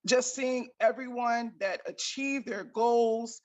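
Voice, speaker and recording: A woman's voice: a little high, slow pace. A woman caller giving a grateful, effusive testimonial on a group call.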